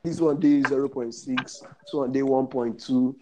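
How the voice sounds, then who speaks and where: A young Nigerian man telling a comic story in casual chat, animated and laughing as he goes. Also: medium pitch, moderate pace, very noisy. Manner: animated, laughs through his story, mixes pidgin. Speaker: comedian.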